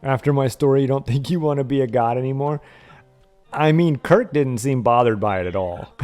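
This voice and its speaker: A man's voice: medium pitch, moderate pace, faint music behind. A man streaming a retro game, casually retelling a TV episode with lots of swearing and frequent laughter. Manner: profane, laughs often, animated storytelling.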